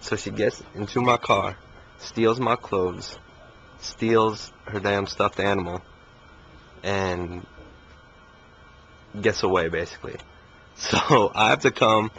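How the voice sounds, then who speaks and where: A man's voice: fairly low pitch, a bit bright. A young man telling a story in a casual interview, laid-back and dryly humorous. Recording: muffled recording with faint hiss.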